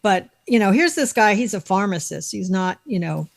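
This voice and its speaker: A woman tells a long, winding account over a video call. She talks in a loose, chatty way, full of fillers and restarts, at a middle pitch. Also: animated, normal speed, gravelly. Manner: chatty, rambling retelling with many fillers. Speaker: guest, state director. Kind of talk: online video call storytelling.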